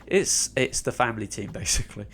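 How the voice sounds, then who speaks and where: A man's voice: medium pitch, expressive, brisk, fairly bright tone, slight background noise. Chatty young British man, North London accent. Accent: North London English. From England. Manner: chatty, rambling, many ums and restarts. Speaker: YouTube channel host. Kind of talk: casual Q&A vlog.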